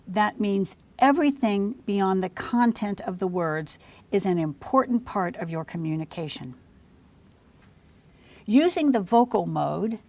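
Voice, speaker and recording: A woman giving scripted instructional narration for healthcare staff, measured, clear and carefully paced. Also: mid-range voice, a little mellow.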